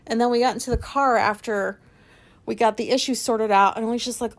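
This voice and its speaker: A woman's voice: fairly high pitch, fairly even intonation, moderate pace. A woman hosting a podcast, telling personal stories in a rambling, candid way, swearing freely and laughing at herself. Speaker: podcast host. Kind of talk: casual personal storytelling.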